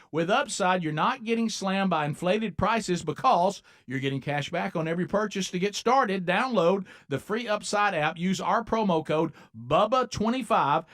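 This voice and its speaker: A man reading a radio ad in a smooth, punchy delivery. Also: high-pitched, a bit bright. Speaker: radio host. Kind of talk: ad read and casual radio banter. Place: radio studio.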